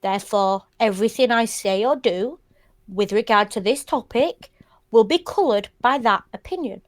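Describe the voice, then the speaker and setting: A woman's voice: a little high, moderate pace, dry recording. A woman co-hosting a podcast panel, talking bluntly and swearing freely as she explains her view. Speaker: podcast co-host. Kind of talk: casual panel discussion.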